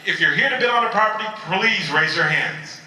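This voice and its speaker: A man's voice: high-pitched, animated, a little fast, bright, forceful tone, full character voice. A man voicing a male auctioneer who makes formal announcements from a podium. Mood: announcing. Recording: echoey hall from far off.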